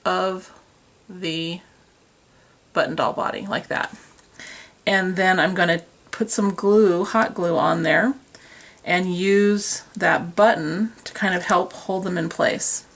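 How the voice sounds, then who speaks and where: This lowish, fairly bright female voice moves slowly with fairly even intonation. She hosts a craft tutorial, chatting and self-deprecating as she works with her hands, filmed by a camera on a tripod.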